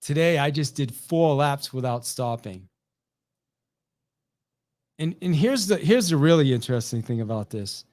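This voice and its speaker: A middle-aged man tells a motivational story to a sales audience, acting out each quoted line with a lot of energy. His voice sits fairly high for a man and keeps restarting sentences as he pushes on. The sound is dry and close, with no room around it. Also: measured pace, pauses often, dry recording. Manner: animated, acts out quoted dialogue, frequent restarts. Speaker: sales trainer.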